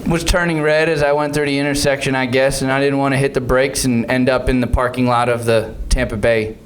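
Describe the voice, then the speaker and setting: A man co-hosting a casual comedic talk show, teasing his partner and telling stories with quick wit. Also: medium pitch, little pitch movement, a little hiss or hum, poor audio. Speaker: co-host.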